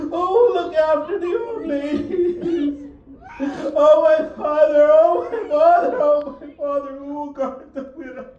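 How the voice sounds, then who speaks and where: A woman's voice: high voice, fairly even intonation, takes it slowly, highs cut off, a little hiss or hum. A woman voicing a small grieving girl who cries out again and again for her father, heard from a distant mic in an echoey hall. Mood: wailing. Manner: wailing, repetitive cries.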